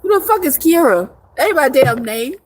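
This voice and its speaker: A woman's voice: high-pitched, very animated, moderate pace. A young woman live streaming in casual chat, reading viewer comments with brash, profane joking and frequent laughter.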